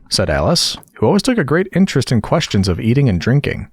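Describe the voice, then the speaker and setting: Expressive male storybook reader, dry and close. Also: lowish voice, fast, hardly any pauses, husky, no echo. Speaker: audiobook reader. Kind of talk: scripted narration.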